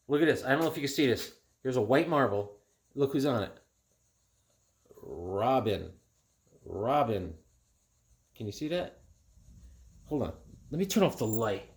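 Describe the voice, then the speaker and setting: A middle-aged man chatting casually and excitedly at home as he shows off his flea market comic finds. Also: medium pitch, a little slow, pauses often. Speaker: comic collector vlogger. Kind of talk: casual show-and-tell vlog.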